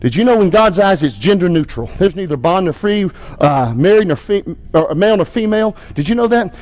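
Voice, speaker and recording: A man preaching a sermon and leading prayer, rising to forceful emphasis and dropping to a hushed tone. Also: high voice, expressive, fairly quick. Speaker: pastor. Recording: lo-fi sermon CD recording.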